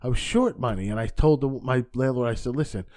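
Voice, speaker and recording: A man, a stand-up comedian guest on a podcast, telling an anecdote in an animated way, acting out dialogue and swearing casually. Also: medium pitch, fairly quick.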